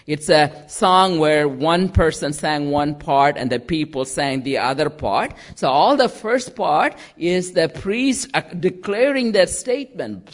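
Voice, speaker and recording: A man's voice: a little high, lively intonation. A man preaching a sermon, reading scripture aloud and repeating chanted phrases, with frequent "uh" fillers. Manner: slow, deliberate preaching with chanted quotes and fillers.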